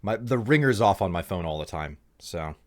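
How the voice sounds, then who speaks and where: A man's voice: low voice, expressive, normal speed. A young man streaming a game, chatting casually and joking with lots of fillers. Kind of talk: casual live-stream chat.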